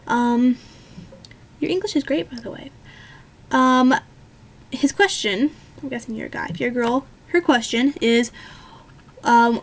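Chatty high-voiced young woman vlogger. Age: 20s. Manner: chatty and rambling, many ums and self-corrections. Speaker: vlogger answering viewer questions. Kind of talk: casual chat.

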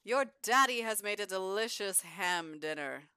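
A woman's voice: mid-range voice, lively intonation, measured pace, pushed and bright, smooth, dry recording. A woman voicing a cheerful game dad who calls the family to a ham dinner in a sing-song way. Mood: cheery.

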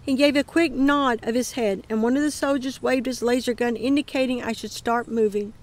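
A woman reading her dream account aloud in a calm voice that often drops to a murmur. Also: on the high side, normal speed. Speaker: ministry dream teller.

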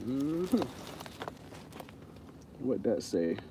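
A man's voice: mid-range voice, sing-song, extremely slow, noisy background. A man hosting a casual livestream, talking straight to his viewers in a playful, insistent way. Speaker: channel host talking to live chat.

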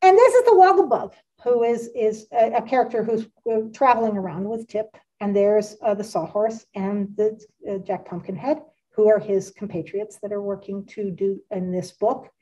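A woman's voice: mid-range voice, normal speed, dark tone, recorded from a distance, lo-fi sound. A woman giving a casual art history lecture, full of wry asides and frequent fillers. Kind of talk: casual presentation and read-aloud.

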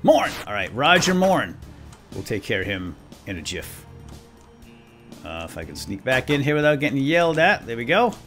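Chatty man with a lively voice. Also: medium pitch, moderate pace, long pauses, faint music behind. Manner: chatty, talks to himself, chuckles often. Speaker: let's play host. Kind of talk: gameplay commentary.

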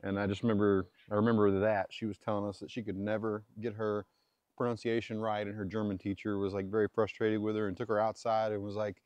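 A homesteader with a fairly low, flat voice talks quickly and a little mellowly while butchering, in a clip with no echo. His how-to commentary rambles, corrects itself, and drifts into chatty asides.

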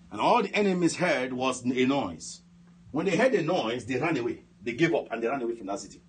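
A man leading a shouted fire prayer as a pastor, with intense bursts of speaking in tongues and chuckling asides. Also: fairly high pitch, breathy edge. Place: church or prayer broadcast.

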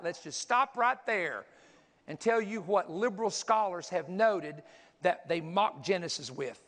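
A man's voice: high voice, expressive, measured pace, a bit bright. A man preaching a sermon, teaching energetically, counting aloud and pointing things out as he goes. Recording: long hall reverb.

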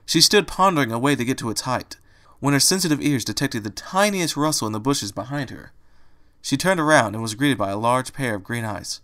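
Male reader, expressive storybook narration, average pitch. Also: a little fast.

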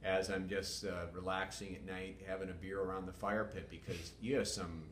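Older man, very low voice, measured, wordy, filler-heavy interview talk, echoey room. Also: level tone, a bit bright. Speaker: former police chief, guest. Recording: echoey room with faint rumble.

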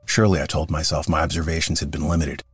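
A man narrating a classic story as an audiobook, in a measured, earnest reading. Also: rumbling low, little pitch movement, husky, dry recording, faint music behind.

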